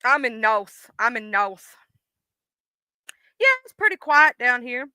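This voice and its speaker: A woman's voice: on the high side, expressive, slow, sharp tone, smooth, dry recording. A woman with a Southern US accent hosting a live stream, chatting in a folksy way and answering her viewers by name. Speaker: livestream host. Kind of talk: casual chat reading viewer comments.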